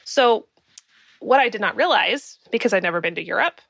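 A woman's voice: medium pitch, animated, brisk, vocal fry, a bit bright, no room sound. A woman in her thirties from the United States, hosting a podcast and telling a personal story in a chatty, laughing, self-deprecating way. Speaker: podcast host. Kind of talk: casual storytelling monologue.

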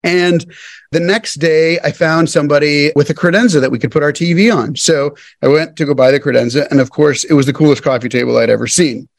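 A man's voice: on the high side, brisk, no room sound. A man in his thirties, a podcast guest casually telling his business story and acting out the dialogue as he goes. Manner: animated storyteller who acts out quoted dialogue.

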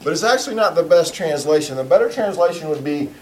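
A man preaching a sermon in a conversational, storytelling way, with loud bursts for emphasis. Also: on the high side, expressive, fast talker, reverberant, low-quality recording. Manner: storytelling, acts out a comedy sketch. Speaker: pastor.

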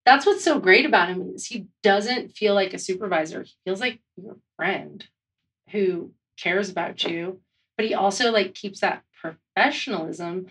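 A woman's voice: medium pitch, lively intonation, a little slow, bright, forceful tone, distant mic. A woman colleague gushing enthusiastically about her boss. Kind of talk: casual tribute.

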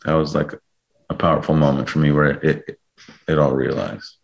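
A man's voice: rumbling low, steady tone, fairly quick, gravelly. A man in his thirties, a guest telling a personal story candidly, swearing freely and correcting himself as he goes. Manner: frank, swears freely, rambling self-corrections.

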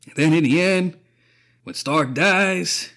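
A man with a somewhat higher-than-usual voice hosts a podcast in a casual, swear-heavy monologue. He is openly emotional, fighting back tears and breaking into laughter as he goes. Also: slow pace, fairly bright tone. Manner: emotional, profane, choking up with frequent laughs. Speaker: podcast host.

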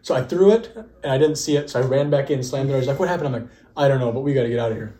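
A man's voice: mid-range voice, rapid-fire. A young man co-hosting a podcast, telling stories casually, laughing often and acting out the dialogue. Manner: lively, laughs often, acts out quoted dialogue. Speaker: podcast co-host. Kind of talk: casual storytelling. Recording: echoey room.

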